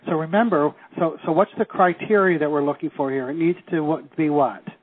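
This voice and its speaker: A man leading a teleseminar, coaching listeners through phrases and slowing down to stress key words. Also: fairly high pitch, crowd noise. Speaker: seminar leader. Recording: tinny phone line.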